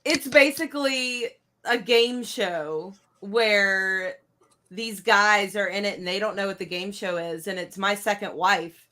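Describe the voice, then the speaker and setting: A woman's voice: mid-range voice, unhurried, pushed and bright, a little hiss or hum. A woman co-hosting a casual podcast chat, giggling often. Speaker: podcast co-host.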